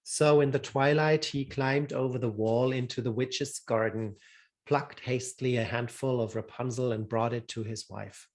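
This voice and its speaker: A man telling a fairy tale aloud as a storyteller, in a measured, deliberate reading. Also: medium pitch, fairly even intonation.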